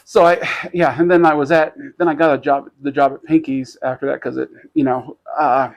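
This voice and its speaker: A man's voice: medium pitch, flat delivery, brisk, muffled recording. A man co-hosting a podcast, telling a story in casual chat, rambling with many restarts and fillers. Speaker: podcast co-host.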